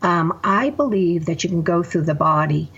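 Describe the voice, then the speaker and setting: A woman's voice: on the low side, lively intonation, normal speed, a bit bright, husky, dull audio. A woman therapist guest on a podcast, explaining her method step by step with examples. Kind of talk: podcast interview.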